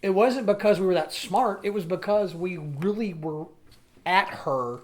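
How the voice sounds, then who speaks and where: A man co-hosting a podcast, chatting casually and lively, laughing and acting out his own past lines. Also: high-pitched, measured pace, a little hiss or hum. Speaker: podcast co-host. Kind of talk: casual reminiscing chat.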